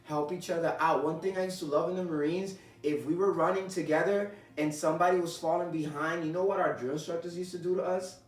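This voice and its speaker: An earnest man with a slightly high voice gives encouraging advice on faith and marriage. He is heard from a little way off the mic, in a roomy space. Soft music plays underneath. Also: steady tone, fast talker, few pauses, distant mic. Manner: earnest, encouraging, quotes scripture. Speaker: co-host of a marriage ministry show. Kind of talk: casual faith-based chat.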